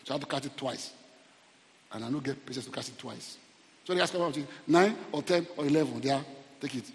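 A middle-aged Nigerian man preaching a humorous, animated sermon, often repeating his words. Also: medium pitch, fast. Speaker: pastor. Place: church hall. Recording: long church reverb.

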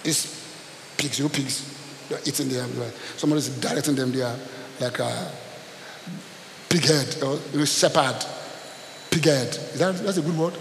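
A man preaching a sermon as pastor, dramatic and animated, acting out scenes. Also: mid-range voice, moderate pace, pauses often. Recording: echoey hall with faint hiss.

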